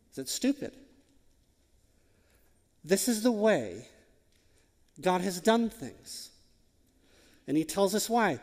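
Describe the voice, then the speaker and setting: A man's voice: high-pitched, darkish tone, long reverb tail. A man preaching a sermon as a pastor, emphatic and full of rhetorical questions.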